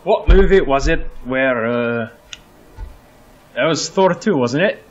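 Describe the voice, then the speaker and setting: A man's voice: mid-range voice, expressive, slow, muffled recording. A man co-hosting a let's play in casual, joking chat, swearing offhand and calling out moves. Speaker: gaming co-host.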